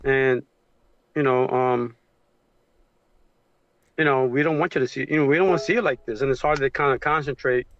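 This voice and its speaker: Emotional man on a dull call. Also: medium pitch. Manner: emotional, halting, many fillers. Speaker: guest on a livestream. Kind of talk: casual supportive chat. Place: home with a train passing outside.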